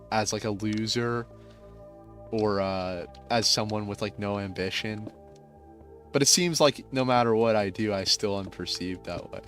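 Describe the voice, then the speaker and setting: A man's voice: on the low side, fairly bright tone. Young man, rambling, filler-heavy venting, casual gameplay chat. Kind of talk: casual venting while playing a game.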